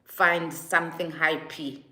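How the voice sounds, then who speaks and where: A South African woman vlogging a casual opinion monologue, animated and mimicking others in exaggerated quotes. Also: sits low, slow pace. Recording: echoey room.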